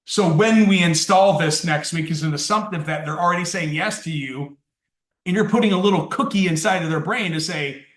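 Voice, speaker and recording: A man's voice: on the high side, normal speed, a bit bright. A man training contractors in sales, talking with energy and acting out customer dialogue. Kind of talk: coaching session for contractors. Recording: roomy, distant from the mic.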